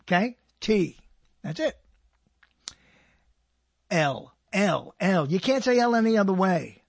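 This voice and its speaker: A man's voice: high voice, big pitch swings, slow pace, gravelly, dry recording. An older man hosting his own radio show, rambling and joking to himself, often breaking off mid-sentence. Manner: rambling, self-interrupting, joking. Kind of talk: rambling solo monologue.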